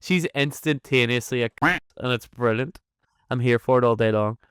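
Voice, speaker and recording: Male podcast co-host, smooth close-miked voice, swears and laughs a lot. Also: medium pitch, normal speed, dry recording. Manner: animated, swears freely, laughs often. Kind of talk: casual chat.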